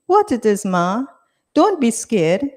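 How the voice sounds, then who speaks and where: A woman's voice: fairly high pitch, very animated, slow, a little mellow. Woman doing an eager, devoted daughter. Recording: reverberant hall.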